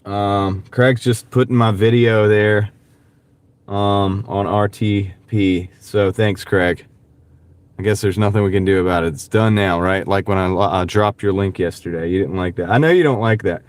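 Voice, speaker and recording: Speaking at a moderate pace with a lowish voice and fairly even intonation, this delivery driver from the American South has a light Southern US accent. Wearing a wireless clip-on mic, he livestreams casually from his car while driving, rambling and replying to viewers' comments.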